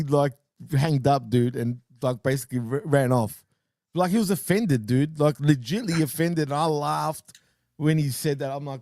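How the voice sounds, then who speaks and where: A man's voice: fairly high pitch, normal speed, warm tone, no room sound, studio quality. A man co-hosting a casual wrestling podcast, laughing often and telling loose stories full of "dude" and "man". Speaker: podcast co-host.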